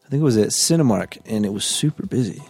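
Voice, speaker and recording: A man's voice: medium pitch, animated, fast, a little mellow, husky, no room sound, soft background music. A young man co-hosting a casual podcast chat, blunt and joking, with slangy talk. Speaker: podcast co-host.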